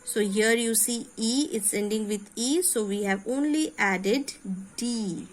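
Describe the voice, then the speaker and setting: Indian english lady teaching grammar, slow pace, spells letters out, asks herself questions. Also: a little high, poor audio. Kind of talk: classroom grammar lesson.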